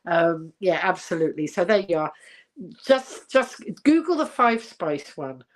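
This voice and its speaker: A woman's voice: on the low side, sing-song, measured pace. Older woman chatting casually on livestream. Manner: rambling and chatty, many fillers and restarts; reads out viewer comments. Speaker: livestream host.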